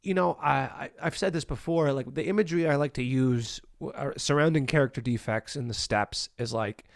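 A man's voice: medium pitch, a little fast, creaky, no room sound, studio quality. A man hosting a candid conversation about recovery, blunt, profane and self-deprecating.

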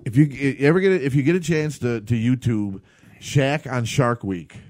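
A man's voice: medium pitch, normal speed, a little mellow. A man co-hosting a casual comedy podcast, rambling with many restarts and laughing often. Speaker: podcast co-host.

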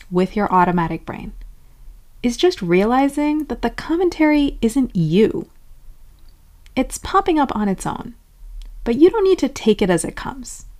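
Animated woman explaining self-help ideas. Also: fairly high pitch. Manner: acts out inner-voice examples in lively quoted asides. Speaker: self-help podcast host. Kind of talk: scripted explainer narration.

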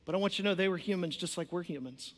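In a church sanctuary with long hall reverb, a pastor delivers an impassioned sermon, weaving in stories and conversational asides. His voice sits high and he speaks very fast.

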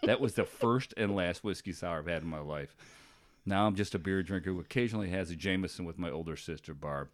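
A man's voice: low voice, fast. A middle-aged man hosting a podcast, telling stories in casual chat with lots of laughter. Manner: animated, laughing storyteller. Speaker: podcast host.

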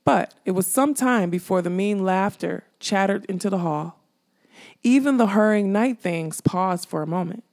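A woman narrating a fantasy audiobook in a measured storytelling manner. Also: mid-range voice, vocal fry, a little mellow.

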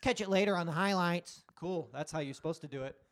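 Animated high-voiced man telling stories. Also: quick pace. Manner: animated storyteller, acts out loud quotes, swears freely. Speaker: podcast host. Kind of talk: casual chat.

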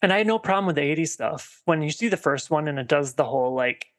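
A man's voice: a little high, animated, fast talker. A man co-hosting a podcast, chatting casually about a film in a rambling way, full of fillers and restarts. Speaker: podcast co-host.

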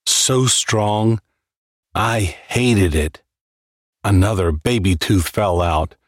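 A man narrating a dark first-person horror story as a dramatic reading, with a brooding, deliberate delivery. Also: on the low side, no echo, studio quality.

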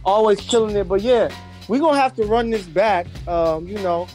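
A man's voice: sits high, moderate pace, a little mellow, faint music behind. A man hosting a casual chat podcast, talking in a laid-back, slangy way with friends. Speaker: podcast host.

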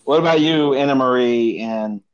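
A man's voice: medium pitch, normal speed, clean tone, muffled recording. A young man in casual group chat, often asking his friends questions. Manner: chatty, asks the group questions.

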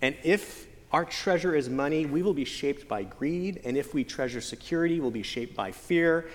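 A man preaching a sermon as pastor, earnest with playful joking asides and slow, stretched emphasis on key phrases. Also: a little high. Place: church sanctuary. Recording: long church hall reverb.

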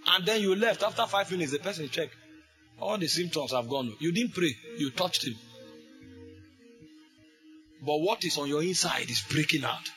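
A man preaching a fervent sermon, repeating phrases and breaking into shouts. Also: a little high, lively intonation, brisk, few pauses, faint music behind. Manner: fervent, repetitive, bursts into shouts.

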